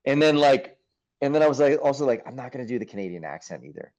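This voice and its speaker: A man being interviewed as an actor, telling stories in a lively, casual way, acting out his own thoughts and swearing now and then. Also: mid-range voice, quick pace. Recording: muffled, dull sound.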